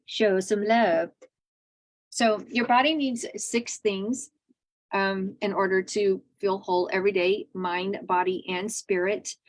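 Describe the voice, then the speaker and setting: A woman in her thirties hosting a casual wellness class, chatty and animated, laughing often as she talks. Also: medium pitch, slow pace.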